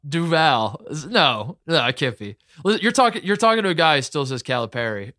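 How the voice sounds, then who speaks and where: A man talking casually about college basketball as a podcast co-host, excitable and rambling with many fillers. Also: fairly high pitch, brisk, no room sound, clean studio sound. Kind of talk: casual sports talk.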